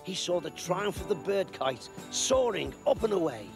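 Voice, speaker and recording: A man reading a storybook aloud in an expressive, measured way. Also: high voice, vocal fry, over music.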